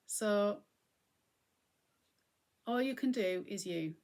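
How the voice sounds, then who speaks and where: A middle-aged woman giving a gentle, conversational talk on mindfulness and acceptance as host. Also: medium pitch, measured pace, pauses often. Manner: gentle, conversational, often acting out what she would say.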